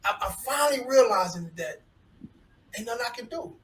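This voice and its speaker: A man's voice: very high voice, lively intonation, brisk. A man speaking candidly and emphatically on a podcast, growing heated as he talks. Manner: candid, emphatic, gets worked up. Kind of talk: casual podcast discussion. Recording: roomy, distant mic with faint noise.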